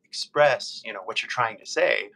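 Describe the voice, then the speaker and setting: A man with a Californian American accent, chatting casually on a live stream as an English tutor, patient and full of fillers, repeating questions slowly. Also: fairly low pitch, gravelly, sharp tone, rough recording. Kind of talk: live-stream conversation practice.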